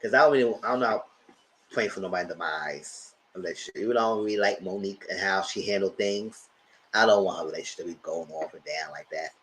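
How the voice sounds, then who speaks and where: Bright-voiced man ranting in casual chat. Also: low voice, fast talker, slight background noise, low-quality recording. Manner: chatty, animated, slangy and blunt. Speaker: host of a TV review channel. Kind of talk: casual live TV review chat.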